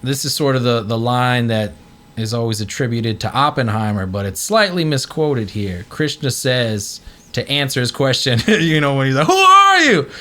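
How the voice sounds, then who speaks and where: A man hosting a casual talk podcast, animated and often breaking into loud acted-out quotes. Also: medium pitch, moderate pace. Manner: animated, swings into loud put-on voices. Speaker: podcast host. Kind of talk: casual chat.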